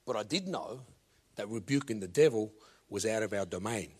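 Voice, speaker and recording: An older man preaching a sermon, slow and emphatic, swinging between loud commands and quiet low asides. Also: animated, breathy edge.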